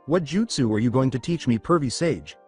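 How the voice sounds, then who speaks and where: A man's voice: medium pitch, animated, a little fast, darkish tone, slightly rough, soft background music. A man voicing a brash, eager young boy ninja in a fan-made storybook narration, reading the lines plainly.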